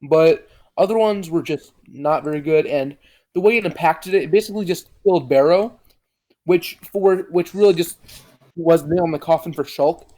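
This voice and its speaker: Young guy rambling about a card game on a podcast, kinda high voice. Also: moderate pace, dark tone. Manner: rambling, restarts sentences, laughs often. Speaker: podcast host. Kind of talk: casual gaming chat.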